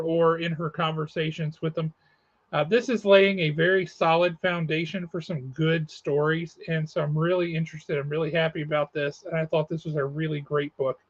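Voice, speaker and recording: A man's voice: fairly high pitch, no room sound, lo-fi sound. A man hosting a comic shop podcast over a video call, chatting casually and reviewing comics in an easygoing, self-correcting way.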